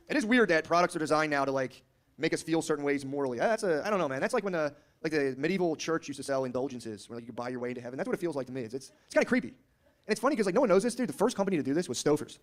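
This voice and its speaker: A man's voice: fairly high pitch, animated, rapid-fire, a little hiss or hum. A young man doing a casual, rambling stand-up comedy routine, riffing with lots of filler.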